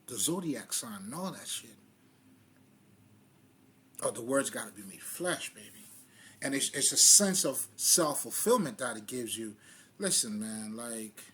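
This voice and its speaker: A man's voice: mid-range voice, a bit bright, slightly rough. A man giving a loose, casual spiritual monologue in street slang, swearing freely and often laughing at himself. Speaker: spiritual vlogger.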